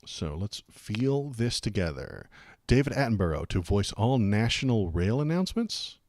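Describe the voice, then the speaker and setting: A man hosting a live political stream rambles through his reactions in a low voice, with sarcastic asides and muttered curses. The sound is close and dry, with no room echo at all. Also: sing-song, moderate pace, darkish tone. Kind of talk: casual political commentary and reaction.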